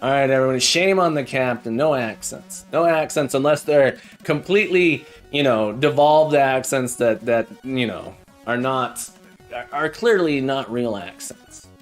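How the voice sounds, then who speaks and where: A man streaming live code, thinking aloud in a halting way with many fillers and restarts, and chatting in a friendly way with his viewers. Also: mid-range voice, soft background music.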